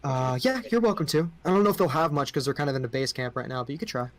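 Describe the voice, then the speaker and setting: A man's voice: medium pitch, fast talker. A man running a tabletop role-playing game as game master, describing scenes in a loose, improvised way with many fillers.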